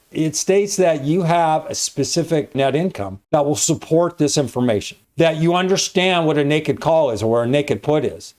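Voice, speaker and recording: A man's voice: a little high, a little mellow. A man hosting a personal finance video, lecturing bluntly and repeating points for emphasis. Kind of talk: lecturing to camera.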